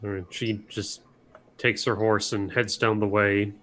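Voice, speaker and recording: A man's voice: on the low side, little pitch movement, unhurried, fairly bright tone, a little hiss or hum. A man playing a tabletop game, describing his character's actions in a casual way. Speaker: player.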